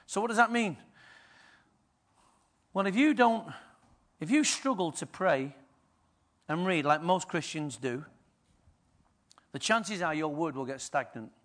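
A man pastor preaching a sermon, firing rhetorical questions at the congregation and swinging between quiet and loud. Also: fairly high pitch, animated, a little slow, long pauses.

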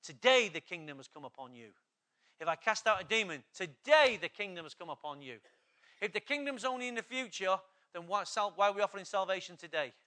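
A male pastor, preaching an urgent, exhorting sermon that builds to loud, emphatic passages. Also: sits high, expressive, a little fast.

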